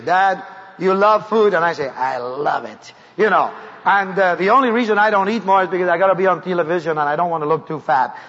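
High-voiced South American-accented preacher in a hall. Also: male voice. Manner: emphatic, swings between raised declarations and hushed low lines. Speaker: evangelist preacher. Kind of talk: sermon to a large crowd. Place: large hall before a crowd. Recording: dull recording with long hall reverb.

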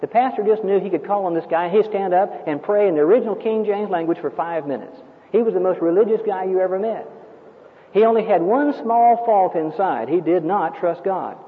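A man with a high voice preaches emphatically, telling stories and firing rhetorical questions at his listeners. The recording is thin and phone-like, and a long hall reverb hangs behind his words. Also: brisk. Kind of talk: sermon.

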